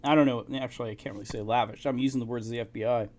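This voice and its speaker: Very fast and steady in tone, a man with a darkish mid-range voice casually narrates archive documents, reading and retelling them as an amateur historian. Chuckles, informal asides and fillers like "you know" run through his delivery.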